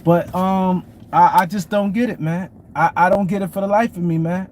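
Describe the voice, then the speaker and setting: A man's voice: sits high, fairly even intonation, normal speed, darkish tone, slight background noise. A man hosting a casual sports talk stream, repeating points and greeting viewers by name. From New York City. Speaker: show host. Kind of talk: casual sports commentary livestream.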